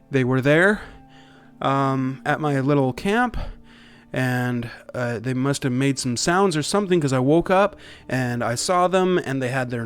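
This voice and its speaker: A man's voice: medium pitch, clear, resonant tone, voice pushed up. A man voicing a frightened, stammering old man in his sixties who has been running for his life. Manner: breathless, pleading, stammering. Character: frightened older man in his sixties, one boot, wheezing.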